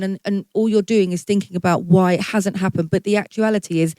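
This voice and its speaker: A woman's voice: medium pitch, fairly even intonation, brisk, dark tone, no room sound. A middle-aged woman, a guest singer, telling her career story in a candid, chatty way, swearing freely and acting out her past thoughts.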